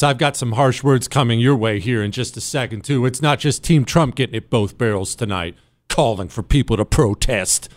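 A man hosting a radio talk show, delivering an emphatic opinion monologue and slowing down to hammer his points. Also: medium pitch, no echo.

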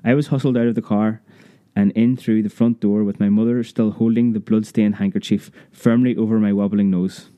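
Male narrator, memoir audiobook, measured, dark mellow voice, dry close sound. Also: lowish voice, steady tone, dry recording. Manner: measured, vivid storytelling.

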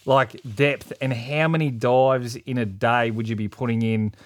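A man's voice: mid-range voice, fairly even intonation, unhurried. A man co-hosting a casual interview, teasing and blunt in his banter. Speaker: co-host.

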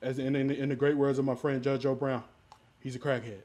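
A man's voice: mid-range voice, little pitch movement, brisk, warm tone, natural voice. A man doing a blustering, boastful old president. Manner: repetitive, insistent, bragging. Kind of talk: comedic impression in casual chat.

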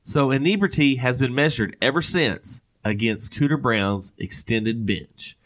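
A man's voice: medium pitch, unhurried, fairly bright tone. A man hosting a podcast in casual chat, rambling and joking with lots of fillers. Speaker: podcast host.

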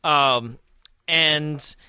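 A man hosting a film commentary chat, telling a story in a lively way, acting out quotes and laughing often. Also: on the high side, extremely slow, smooth, no echo, clean studio sound. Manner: animated, acts out quoted voices, laughs often. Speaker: film commentary podcast host.

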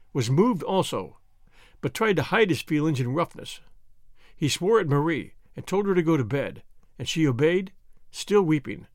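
A man narrating an audiobook in an expressive, dramatic reading style. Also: on the high side, no room sound, clean studio sound. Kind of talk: scripted narration.

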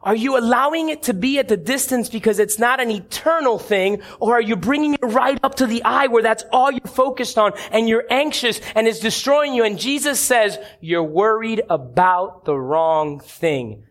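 A man preaching a sermon to a congregation in an animated way, asking the room questions and acting out quoted voices. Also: very high voice, brisk, few pauses. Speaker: pastor.

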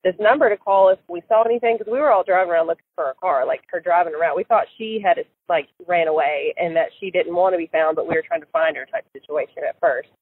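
A woman's voice: lowish voice, fast, hardly any pauses, husky. A woman recalling events in an interview, hesitant, with many fillers and restarts. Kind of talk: casual recorded interview. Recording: tinny phone-line sound, dry.

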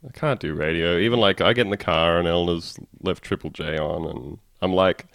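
A man's voice: deep voice, brisk, creaky, fairly bright tone, dry recording. Man, podcast co-host, mumbly and sheepish, dry mic. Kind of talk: casual chat.

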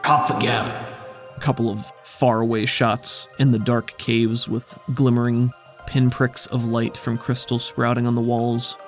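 A man narrates a tabletop adventure as its game master, painting dark caves and creatures in a steady voice. His pitch sits in the middle of the range, and faint music plays underneath. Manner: descriptive, steady storytelling with quick rules asides.

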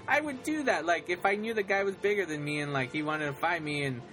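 A man chatting casually as a podcast co-host, rambling and excitable, laughing often. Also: fairly high pitch, a little fast, soft background music. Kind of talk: casual chat.

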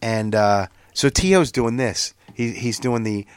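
A man's voice: mid-range voice, measured pace, clear, resonant tone, no room sound, studio quality. Profane rambling man telling a story. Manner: profane, rambling, animated storytelling with many restarts. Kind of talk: casual chat.

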